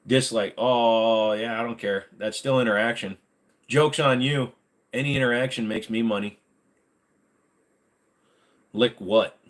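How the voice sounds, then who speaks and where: A man's voice: medium pitch, fairly even intonation, measured pace, pauses often. A man hosting a casual livestream, joking and rambling straight to his chat, a little short of breath. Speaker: livestream host. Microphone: desk microphone.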